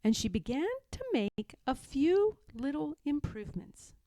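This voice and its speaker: A woman reading a children's picture book aloud, expressive and giving voices to the dialogue, in a quiet small room. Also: high voice, unhurried, no echo. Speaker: read-aloud narrator.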